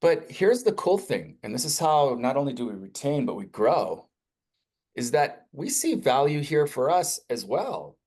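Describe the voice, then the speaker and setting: Upbeat man presenting a software demo. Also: unhurried. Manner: energetic, conversational salesy pitch with rising emphasis. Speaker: webinar presenter.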